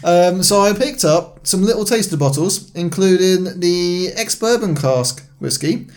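A man co-hosting a casual podcast, making dry, jokey, deadpan remarks. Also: high-pitched, unhurried. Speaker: podcast co-host. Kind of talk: casual chat.

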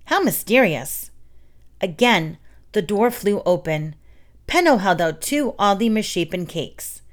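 A woman reading children's stories aloud in a soft, steady narration. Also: medium pitch, a little slow.

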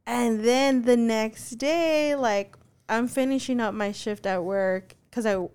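A woman's voice: on the high side, takes it slowly, darkish tone, clear, resonant tone. A young woman co-hosting a podcast, telling a story in casual chat, full of "like" fillers and swearing freely. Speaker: podcast co-host.

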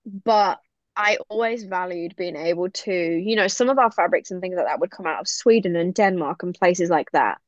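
A woman's voice: on the low side, moderate pace, no echo. A British woman from the UK chatting as an enthusiastic interview guest, with lots of fillers and laughter. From United Kingdom. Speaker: podcast guest, business owner. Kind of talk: casual interview chat. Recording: dull, dry recording.

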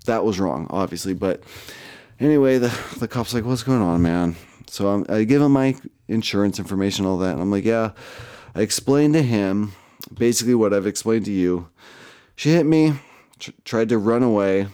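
A man's voice: lowish voice, animated, fairly quick, warm tone. Rambling, profane man telling a story. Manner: rambling, profane, self-mocking, many fillers. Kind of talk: casual storytelling.

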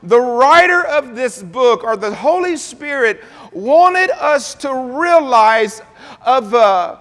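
A man preaching a sermon, calling on the congregation to answer back, his voice rising and growing louder as he builds a point. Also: very high voice, lively intonation, takes it slowly. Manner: call-and-response preaching, asks the congregation to repeat words. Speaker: pastor. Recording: long reverb of a large hall.

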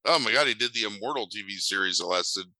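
A man's voice: lowish voice, expressive, fast, pushed and bright, no room sound, rough recording. A man co-hosting a podcast in casual chat, sardonic and mocking, with frequent exclamations. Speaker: podcast co-host.

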